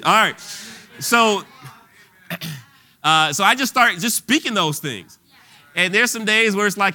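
A man's voice: a little high, normal speed, pauses often, sharp tone. A man preaching an informal sermon in a conversational way, full of restarts and fillers, at times rising to bold declarations.

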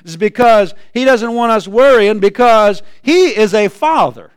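A male pastor preaching a sermon in a church, his fairly high voice smooth and resonant. He calls out to the congregation and stacks repeated lines that climb into shouts. The sound is dry and close. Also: expressive, measured pace, no echo. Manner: preaching with rising shouted refrains.

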